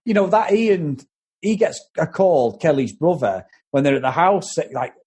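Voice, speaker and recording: A man's voice: on the high side, lively intonation, measured pace, darkish tone, slightly rough. A man co-hosting a podcast, casually sharing film trivia and swearing now and then. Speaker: podcast co-host.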